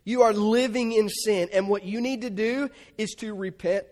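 High-voiced male preacher in a reverberant hall. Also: moderate pace, a little mellow. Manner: conversational, illustrates with family stories. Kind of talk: sermon.

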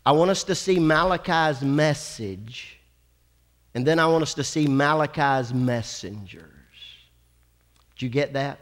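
High-voiced preacher in a reverberant church. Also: male voice. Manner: dramatic preacher, slows and drawls for emphasis, calls for amens. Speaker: pastor. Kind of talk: sermon. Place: church sanctuary.

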